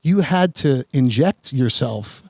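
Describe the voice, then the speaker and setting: A man's voice: mid-range voice, animated, takes it slowly, gravelly, darkish tone, breathy edge, dry recording. A man, a podcast host telling a long embarrassing story in a rambling, self-mocking way full of filler words. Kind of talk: casual storytelling chat.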